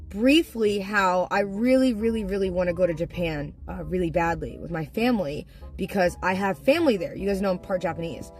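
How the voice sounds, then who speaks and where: A young woman streamer telling a family story casually to her viewers, animated, laughing and swearing freely. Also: medium pitch.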